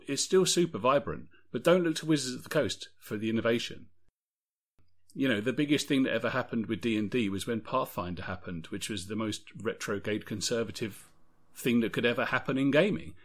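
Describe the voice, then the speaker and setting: A man co-hosting a podcast, talking about tabletop games in a rambling, opinionated way. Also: on the low side. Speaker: podcast co-host. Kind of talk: casual podcast discussion.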